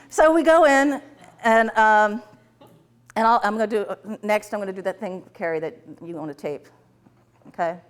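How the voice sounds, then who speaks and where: A woman at the front of a workshop room, teaching through stories from her sessions with clients. She talks in a lively, animated way, jumping into little character voices for the people in her stories, and laughs often as she goes. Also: medium pitch. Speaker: tapping practitioner and teacher. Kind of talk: storytelling to a live class.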